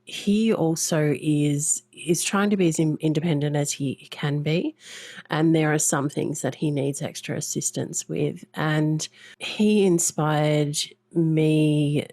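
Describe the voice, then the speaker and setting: A woman hosting a podcast interview, asking questions and reflecting in a gentle way. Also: low-pitched, steady tone, slow, dry recording. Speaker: podcast host. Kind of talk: interview conversation.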